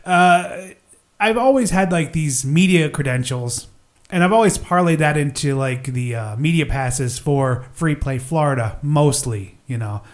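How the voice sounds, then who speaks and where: A man's voice: fairly high pitch, animated, measured pace. Rambling middle-aged male podcast host. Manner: rambling, filler-heavy, self-deprecating. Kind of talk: casual solo podcast talk.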